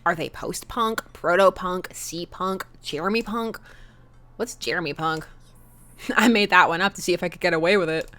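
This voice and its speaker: A woman's voice: lowish voice, moderate pace, fairly bright tone, lightly acted. A woman voicing a sarcastic teenage daughter who teases her father, in a dry mocking tone, while reading a dating game aloud. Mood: teasing.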